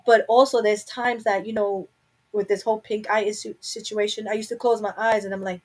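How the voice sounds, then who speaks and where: A woman's voice: medium pitch, little pitch movement, fairly quick, low-quality recording. Candid woman chatting on a home livestream. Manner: candid, rambling, talks to herself. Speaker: live stream host. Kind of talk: casual chat to viewers.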